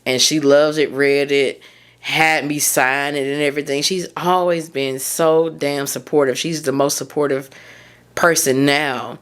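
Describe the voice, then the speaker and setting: A woman's voice: low voice, fairly even intonation, unhurried, fairly bright tone. A woman, hosting a solo podcast and talking candidly and heartfelt, often drifting off track. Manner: candid, heartfelt, rambling and prone to losing her thread. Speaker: podcast host and mindset coach.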